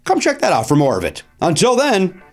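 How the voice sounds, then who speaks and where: A man hosts his own show and spins a casual story, his voice sitting fairly high and swooping up and down expressively. He repeats phrases for effect and keeps filling gaps with "uh.". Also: fast talker, music in the background. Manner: animated, repeats phrases, many "uh" fillers. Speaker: comedian and show host.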